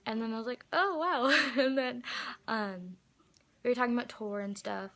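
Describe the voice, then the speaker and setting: Young woman, fan vlogger, excited storytime, gushing, filler-heavy, slightly high voice. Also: gravelly. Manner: gushing, fast, full of "like" and "um".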